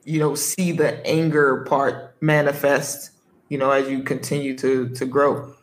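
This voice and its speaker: A man's voice: mid-range voice, level tone, measured pace. A man interviewing a guest, asking questions in a searching way, with restarts and fillers. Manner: searching, restarting questions, many "you know"s. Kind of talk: conversational interview. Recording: echoey room.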